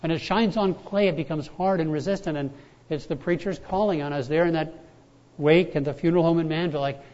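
A man preaching a relaxed, conversational sermon, his voice sitting a little high for a man. He repeats his key words for weight and tells stories in a chatty way. The recording sounds dull and lo-fi. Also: fairly quick. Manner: conversational, storytelling preacher with repetitions. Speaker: pastor.

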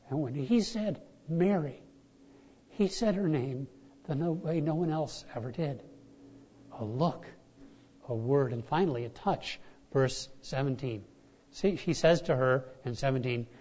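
A man preaching a sermon, swinging between loud emphatic lines and soft hushed ones, with frequent restarts. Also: a little high, moderate pace, highs cut off. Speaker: pastor.

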